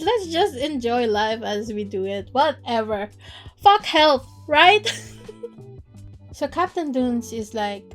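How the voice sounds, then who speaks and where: A woman recapping a novel in casual chat, laughing often and swearing in animated asides. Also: on the high side. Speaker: book reader and recap host.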